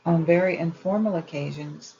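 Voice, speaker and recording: A woman reading an old etiquette book aloud in a measured, even way. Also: low voice, highs cut off, a little hiss or hum. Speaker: audiobook reader.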